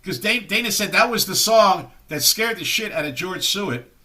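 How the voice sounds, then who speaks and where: Bright-toned man telling rock stories. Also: high-pitched, lively intonation, normal speed. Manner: rambling storyteller who acts out quoted voices. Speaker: guest musician. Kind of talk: anecdotal storytelling interview.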